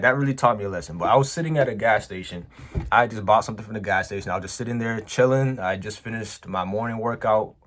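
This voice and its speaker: A man with a fairly low voice tells a personal story straight to camera. He talks casually and emphatically, drops slang like "bro", and swings his pitch up and down for effect. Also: slight background noise. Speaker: vlogger, business owner.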